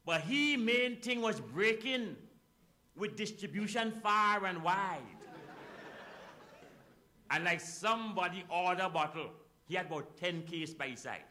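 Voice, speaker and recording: A Trinidadian man half-sings a rhymed comic tale in a rhythmic, sing-song style. His voice is high and very bright. It leaps all over his range. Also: lively intonation, measured pace, pauses often. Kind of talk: rhymed comic calypso recitation.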